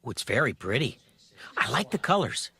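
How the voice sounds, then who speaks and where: A man's voice: mid-range voice, sing-song, moderate pace, creaky, bright, forceful tone, breathy edge, full character voice. An actor playing a friendly, cheerful father in a scripted family dialogue.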